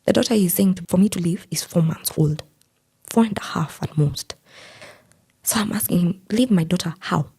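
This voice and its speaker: A woman's voice: fairly low pitch, moderate pace, pauses often, dark tone, slightly rough. A young woman earnestly recounting a painful personal story, quoting what others said to her. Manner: earnest, quotes others' words as she tells it. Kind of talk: personal account in an interview.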